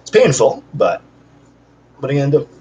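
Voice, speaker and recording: A channel host chats casually to viewers in an unedited, one-take vlog from home, rambling and joking with self-deprecating asides. His medium-pitched voice is sing-song, brisk, and dark in tone. The audio is poor, with slight background noise.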